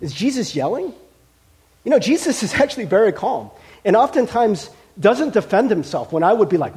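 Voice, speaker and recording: A male pastor gives a sermon in a conversational style, laughing often between points and using plenty of fillers. His fairly high voice swings widely when he gets animated, at normal speed with a breathy edge.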